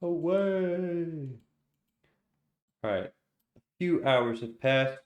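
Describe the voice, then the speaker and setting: A man's voice: a little high, animated, extremely slow. A man narrating as game master in a casual, self-deprecating way.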